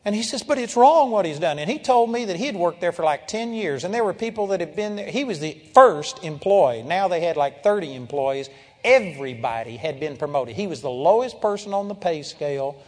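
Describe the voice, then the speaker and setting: A man's voice: fairly high pitch, animated, fairly quick, darkish tone. A man preaching a sermon to a congregation, telling a story through quoted dialogue and building to emphatic swells. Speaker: pastor. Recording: long hall reverb.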